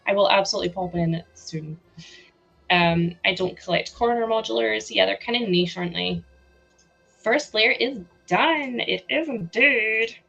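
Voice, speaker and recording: Young woman livestreaming with a headset, slight gravel, sore throat, giggly and chatty, faint music behind. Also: fairly low pitch, fairly bright tone, low-quality recording. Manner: chatty, giggly, reacts to chat aloud. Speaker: livestream host. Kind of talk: casual livestream chat while building.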